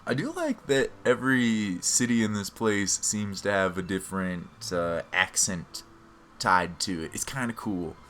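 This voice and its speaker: A man's voice: fairly low pitch, sing-song, unhurried, a bit bright, slight background noise. A man hosting a let's play, commenting on the game in a chatty, self-mocking way. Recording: game music playing behind the voice.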